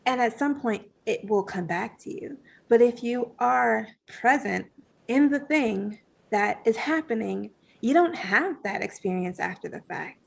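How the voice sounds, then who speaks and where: A woman guest on a podcast telling a personal story in a casual, animated way, full of fillers and acted-out thoughts. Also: a little high, measured pace, vocal fry. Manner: animated, many fillers, acts out her own past thoughts.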